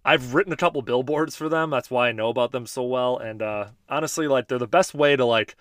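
A man's voice: medium pitch, a little fast, a bit bright, no echo, clean studio sound. A man in his thirties hosting a podcast, chatting casually and joking while he answers listener voice memos. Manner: laid-back, chatty, joking. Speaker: podcast host.

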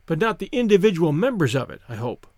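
A man's voice: fairly high pitch, big pitch swings, fast, a little mellow, no echo, studio quality. A man reading the part of a gallant, teasing young naval officer in an audiobook, playful and courtly.

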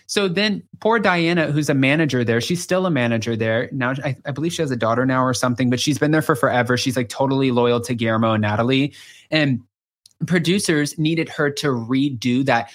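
A man's voice: medium pitch, a little fast. Man hosting a gossipy chat. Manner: gossipy storyteller, acts out quotes. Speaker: podcast host. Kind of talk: casual chat.

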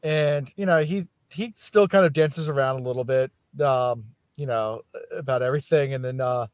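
A man's voice: medium pitch, moderate pace, no echo. A man co-hosting a casual book podcast, retelling scenes loosely with lots of "you know" and "like". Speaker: podcast co-host. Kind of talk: casual book discussion chat.

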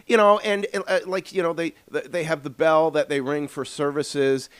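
A man's voice: on the high side, normal speed, clean tone, dry recording. A man hosting a podcast, telling a story casually with lots of fillers. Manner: rambling, animated storyteller with filler words. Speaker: podcast host.

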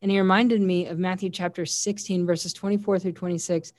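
An earnest woman shares a personal faith testimony in an interview, her voice set a little low. She tells her story in a heartfelt way and works scripture into it. The sound is dry and close. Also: fairly even intonation, brisk, darkish tone, dry recording. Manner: quotes scripture often. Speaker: guest sharing a personal testimony.

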